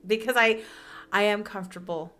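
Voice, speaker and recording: A woman co-hosting a casual podcast, talking affectionately and softly, laughing easily. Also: medium pitch, fairly even intonation, normal speed. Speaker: podcast co-host. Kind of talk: casual chat.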